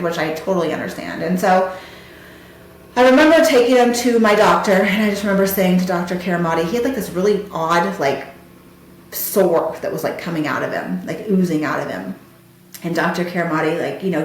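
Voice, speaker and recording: A woman with a somewhat low voice tells her own story to listeners, candid and heartfelt. She sounds like a podcast host speaking in a very echoey room. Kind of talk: personal storytelling.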